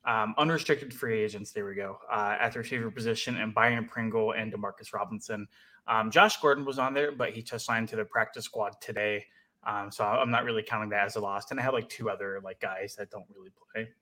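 A man co-hosting a sports podcast, talking in a relaxed, hesitant way with many fillers. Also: fairly low pitch, a little fast, rough recording. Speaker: podcast co-host. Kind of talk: casual sports chat.

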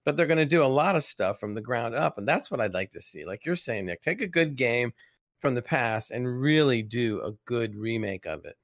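A man co-hosting a gaming podcast, talking quickly with some hesitant fillers. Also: medium pitch, lively intonation, fairly bright tone, no room sound, clean studio sound. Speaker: podcast co-host. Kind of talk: casual gaming podcast chat.

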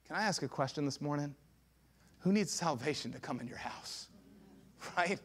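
A pastor preaching a sermon with passion, swinging between hushed lines and loud shouts. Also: male voice, a little high, expressive, moderate pace, husky.

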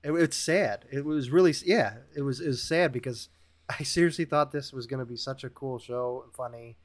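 A man leads a casual podcast chat in an easygoing, slangy way. His voice sits in a middle pitch, relaxed and conversational. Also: brisk. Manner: laid-back, calls others "dude" and "man". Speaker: podcast host.

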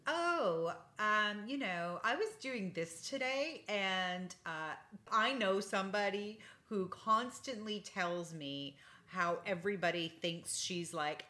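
Lively bright-voiced woman in her forties. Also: medium pitch, slow. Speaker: podcast co-host. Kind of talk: casual chat.

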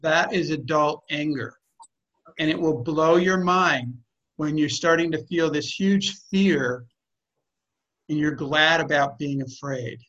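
A man with a slightly high voice coaches a group over a call in a direct, blunt manner. The audio is dull and lo-fi, and he drives his points home with emphasis. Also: slow pace, a bit bright. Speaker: group facilitator.

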